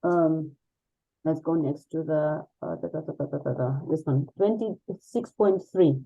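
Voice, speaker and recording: Woman teacher running an english lesson, mellow voice, kinda dull call audio. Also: low-pitched, measured pace, creaky. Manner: encouraging, explains with repeated examples. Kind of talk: online grammar lesson.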